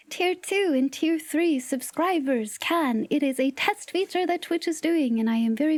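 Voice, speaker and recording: A woman's voice: sits high, no room sound. A woman livestreamer chatting casually with her viewers, playful and teasing, sometimes dropping into whispered asides. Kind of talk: casual live-stream chat with viewers.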